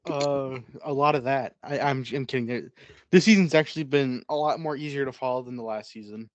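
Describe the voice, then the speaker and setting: A man's voice: medium pitch, brisk, a little hiss or hum. A young man co-hosting a casual reaction video, laid-back and hesitant, often giggling. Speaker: reaction channel co-host.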